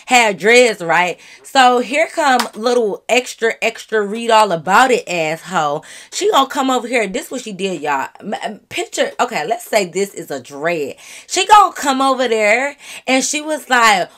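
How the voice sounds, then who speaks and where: A woman vlogger telling a story straight to her viewers in an animated, profane, casual way. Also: a little high.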